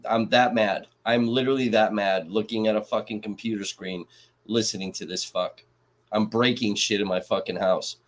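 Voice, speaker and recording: A foul-mouthed male livestreamer talks to his chat from a home room, worked up and furious. His voice sits a little low, and his speech is heated and blunt. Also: steady tone, normal speed. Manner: angry, heated, heavy swearing. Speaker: livestream host reacting to a trial.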